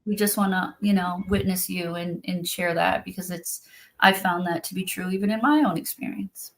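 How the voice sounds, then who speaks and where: A woman's voice: lowish voice, fairly even intonation, moderate pace. A woman speaking earnestly and from the heart in a casual conversation, as a spiritual practitioner on a video call.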